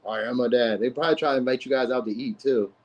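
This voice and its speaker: A father streaming a casual live tarot reading talks in a slangy, rambling way, tossing in "you know what I mean" constantly. His voice sits at a medium pitch with a steady tone and a quick pace, and the recording sounds lo-fi.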